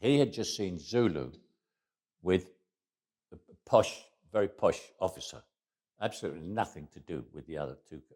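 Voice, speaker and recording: A man, telling stories in an interview, repeating words as he restarts and trailing off quietly at the ends of phrases. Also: low-pitched, animated, moderate pace, pauses often. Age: 80s. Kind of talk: anecdotal storytelling.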